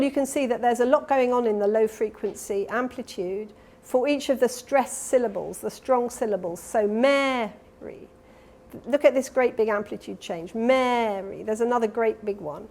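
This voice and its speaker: A woman's voice: a little high, darkish tone. An older woman giving a keynote academic lecture at a conference, explaining her slides step by step. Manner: explanatory, talks through slides, demonstrates sounds. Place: conference hall.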